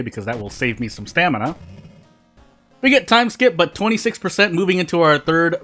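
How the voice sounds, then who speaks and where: Faint game music plays behind a man who streams and eats at the same time, offering loose, casual commentary. He tends to say things twice and break off sentences to start over. His voice is fairly high, bright and forceful.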